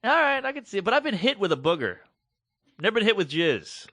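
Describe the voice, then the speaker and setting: A man with a fairly high, bright voice tells a story on a podcast, animated and chatty, acting out the voices of other people. The sound is dry and close to the mic, with no room echo. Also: fast talker. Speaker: podcast co-host. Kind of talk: casual storytelling chat.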